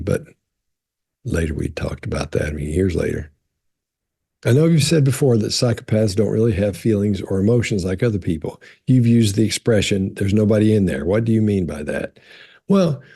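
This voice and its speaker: A man's voice: low voice, vocal fry, dark tone, husky. A man, a body language expert, answers viewer questions in a casual, conversational way and often repeats words as he restarts. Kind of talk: casual explanatory talk.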